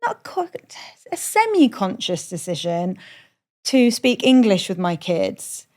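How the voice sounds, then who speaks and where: Slow and sing-song, her mid-range voice comes across a little mellow. The speaker, a middle-aged comedian from Iran, is a podcast guest aboard a moored boat, trading candid stories at her own expense and cursing freely in the chat.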